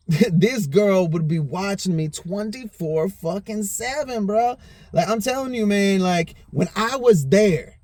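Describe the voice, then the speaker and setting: Slightly drunk, a man hosting a podcast wanders through a story from his own life, cursing often and leaning on "you know what I'm saying." He has a high, somewhat mellow voice, recorded without echo.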